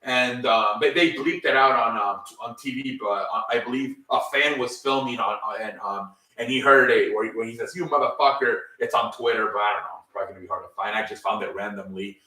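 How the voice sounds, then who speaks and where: A man's voice: on the low side, steady tone, a little fast, few pauses, bright, forceful tone. A man casually recapping a wrestling show on his own, rambling, with lots of ums and casual swearing. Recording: echoey room, distant mic.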